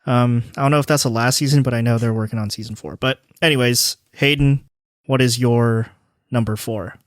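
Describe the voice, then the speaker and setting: A man hosts a casual podcast and chats loosely, leaning on "like" and "you know" as he goes. His voice sits at an ordinary middle pitch. It's recorded close and dry, with no room sound. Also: steady tone, a little fast, no room sound. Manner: loose, filler-heavy talk full of "like". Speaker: podcast host.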